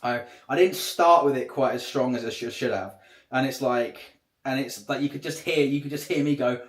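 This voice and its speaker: A man's voice: mid-range voice, moderate pace. A man chatting casually on a livestream, rambling and swearing a lot. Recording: echoey room.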